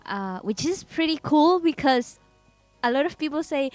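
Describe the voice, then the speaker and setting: A woman's voice: high-pitched, expressive, normal speed, darkish tone, dry recording, soft background music. A woman whose first language is Spanish, chatting casually with viewers while she draws on a live stream, rambling and giggling. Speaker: artist streaming a drawing session.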